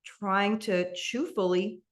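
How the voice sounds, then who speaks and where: A woman teaching a slow, guided mindful eating meditation over a video call, speaking gently with occasional soft laughs. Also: medium pitch, steady tone. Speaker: meditation instructor.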